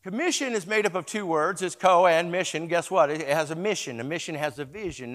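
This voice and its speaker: Man preaching, higher voice, hall reverb. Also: a little fast, hardly any pauses. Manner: swings from hushed storytelling to loud emphatic preaching; calls on congregation to repeat words. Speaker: pastor. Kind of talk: sermon with storytelling.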